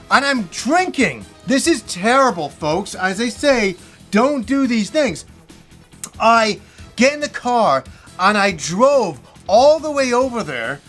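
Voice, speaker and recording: A man hosting a gaming show, telling a personal story in a casual, animated way, swearing often and acting out other people's lines. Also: high-pitched. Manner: animated, profane, acts out quoted voices.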